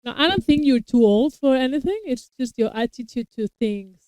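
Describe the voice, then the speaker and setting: A woman in a relaxed chat, talking in long, winding explanations and restarting her sentences as she goes. Her voice is smooth and clear, recorded close and dry with no room sound. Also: high voice, a little fast, no room sound, low-quality recording. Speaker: co-host reacting to a TV episode; parent of young children. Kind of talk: casual chat.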